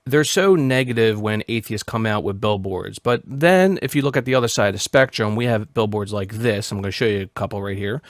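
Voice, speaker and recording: A man's voice: lowish voice, fairly quick, no echo, clean studio sound. A man hosting a podcast, ranting in heated, profane casual commentary. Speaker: podcast host.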